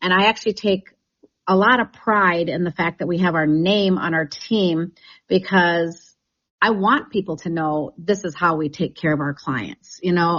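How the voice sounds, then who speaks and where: A chatty woman talking on a radio interview, sounding enthusiastic and proud. Her voice sits fairly low for a woman. The recording has a dull, lo-fi radio sound. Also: fairly bright tone. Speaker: real estate team leader.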